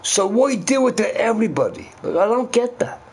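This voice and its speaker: A man's voice: high voice, lively intonation, fairly quick, a little mellow, breathy edge. A man in a casual ranting monologue who swears a lot and keeps asking his listeners "right?". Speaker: vlogger.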